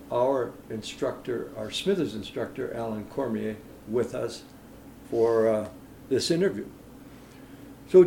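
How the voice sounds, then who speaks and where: Male community radio host, gravelly and mellow, halting delivery in a roomy space. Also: medium pitch, a little hiss or hum. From Canada. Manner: halting, many "uh" fillers. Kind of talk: radio interview.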